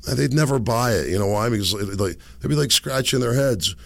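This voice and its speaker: A middle-aged man hosting a casual solo podcast from a home setup, rambling and laughing at his own jokes, his voice hoarse from being sick. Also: medium pitch, animated, fairly quick, no echo. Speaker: podcast host. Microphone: desk microphone.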